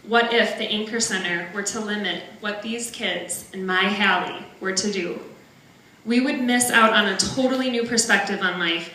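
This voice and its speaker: Young woman, bright voice, earnest prepared speech, podium mic, heavy hall echo. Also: medium pitch. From northern Wisconsin. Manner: earnest, measured, heartfelt. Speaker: parent giving a benefit speech. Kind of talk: prepared speech read aloud. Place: large banquet hall. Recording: very echoey banquet hall.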